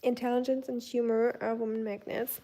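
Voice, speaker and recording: A woman's voice: fairly high pitch, flat delivery, normal speed. A young German woman with a German accent, casually chatting on her livestream and answering viewer comments. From Germany, Baden-Württemberg. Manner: chatty, warm greetings to viewers, many fillers. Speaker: livestream host. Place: home.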